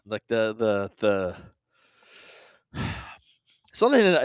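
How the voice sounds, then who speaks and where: A South African podcast co-host with an Australian accent and South African traces chats casually, rambling, self-deprecating and swearing now and then. His lowish voice is sing-song and a little slow with long pauses, smooth and free of echo.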